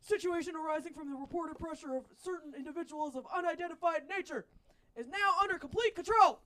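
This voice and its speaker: A woman's voice: extremely high pitch, fast, bright, forceful tone. A woman playing an urgent army captain reporting by radio. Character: panicking male military captain on radio. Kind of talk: amateur radio play reading.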